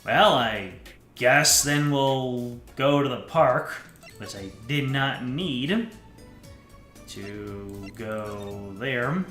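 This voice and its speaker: A man's voice: medium pitch, animated, extremely slow, a bit bright, roomy sound, soft background music. A man streaming a game, reading its lines aloud with playful jokes. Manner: playful, joking. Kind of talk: let's play commentary, reading dialogue aloud.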